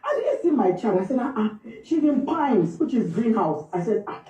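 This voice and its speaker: A Nigerian woman with a mellow, fairly high voice tells her story in a slow, halting, emotional way. She sounds far from the mic, in an echoey room, through a dull, muffled recording. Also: sing-song. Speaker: grieving mother recounting events. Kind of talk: emotional personal account. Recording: distant, echoey, muffled replayed clip.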